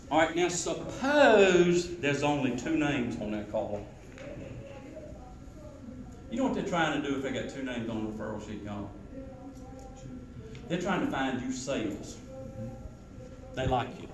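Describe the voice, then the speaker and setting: A man giving a sales training talk to a live audience, quizzing the crowd and acting out sales pitches. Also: animated, a little slow, pauses often, far from the mic. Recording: roomy hall echo with faint noise.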